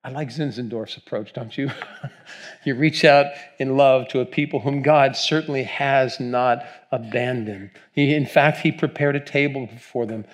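A man's voice: mid-range voice, a little slow. A male pastor preaching a sermon in a conversational, storytelling way, with asides to the congregation.

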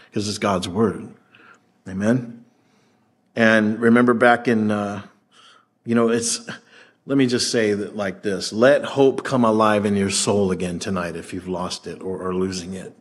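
A man preaching a sermon as pastor, conversational and animated, acting out the voices in the scripture he reads. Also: on the low side.

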